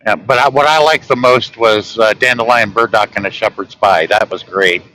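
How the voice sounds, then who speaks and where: Folksy Southern American man, bright voice. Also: on the low side, normal speed, slight background noise, low-quality recording. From southern United States. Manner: folksy, relaxed storytelling. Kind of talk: casual chat.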